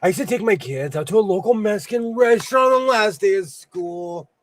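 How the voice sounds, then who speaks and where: A man's voice: high-pitched, lively intonation, brisk, slight background noise. A man hosting a sewing livestream in casual chat, playful, breaking into bits of song and laughter.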